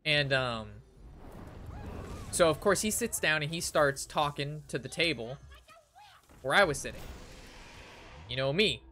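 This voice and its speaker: Bright-voiced man telling a wild story. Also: fairly high pitch, measured pace, pauses often, slight background noise. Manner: animated and profane, acting out the people in the story. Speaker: gaming streamer. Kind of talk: casual storytelling over gameplay.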